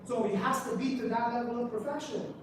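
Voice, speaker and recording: A man's voice: extremely high pitch, fairly quick. A man giving a conference presentation to a live audience, drawing listeners in with questions and repeated "right?" checks. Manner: engaging, quizzes the audience with rhetorical questions. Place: public library meeting room. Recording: echoey room, voice from a distance, background noise.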